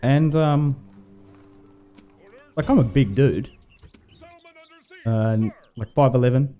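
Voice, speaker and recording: A man's voice: mid-range voice, slow pace, muffled recording. A man chatting casually with his stream while playing a strategy game, rambling with fillers and laughs. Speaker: livestream gamer.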